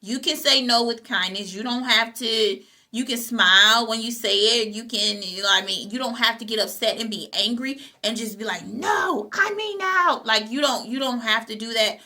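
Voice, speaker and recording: A woman's voice: on the high side, moderate pace, hardly any pauses, bright, forceful tone. A woman hosting a motivational talk, speaking, repeating her key phrases and checking in with "okay?". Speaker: host.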